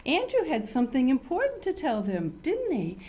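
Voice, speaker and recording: Animated older woman reading to children. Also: high-pitched, normal speed. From United States. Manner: animated, sing-song storyteller, acts out loud and whispered voices. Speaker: children's show host. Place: studio.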